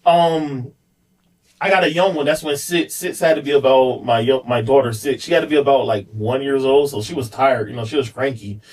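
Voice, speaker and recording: A man's voice: mid-range voice, fairly even intonation, a little fast, far from the mic, rough recording. A man on a podcast, candidly telling a personal story in a rambling way, full of fillers and repeats. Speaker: podcast guest, police officer.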